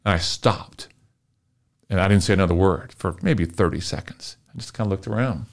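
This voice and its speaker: Animated man telling a story. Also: low-pitched, moderate pace. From Texas. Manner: lively, emotional storyteller, often acts out dialogue. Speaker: marketing consultant guest. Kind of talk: animated storytelling in a podcast interview.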